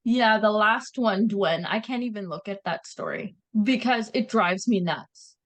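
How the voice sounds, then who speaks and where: A woman with a Canadian accent, chatting as a guest author in an interview, telling stories in an animated, laughing way. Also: mid-range voice, unhurried, poor audio. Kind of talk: casual interview chat.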